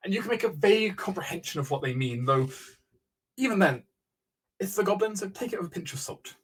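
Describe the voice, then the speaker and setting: A young man as dungeon master, narrating a tabletop game in a measured way with small restarts. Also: sits high, lively intonation, breathy edge, rough recording.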